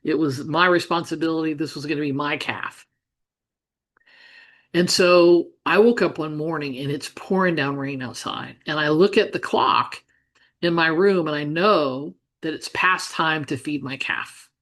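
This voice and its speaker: A woman's voice: low-pitched, a little slow, fairly bright tone. A middle-aged woman from Ohio, a business coach, telling a childhood farm story in an earnest way, with frequent restarts and asides. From Ohio, United States. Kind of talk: storytelling monologue.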